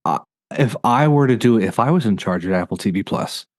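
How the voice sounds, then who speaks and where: Male podcast host with a lower voice, dry close sound, casual review chat, reels off facts in quick bursts. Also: animated, no room sound.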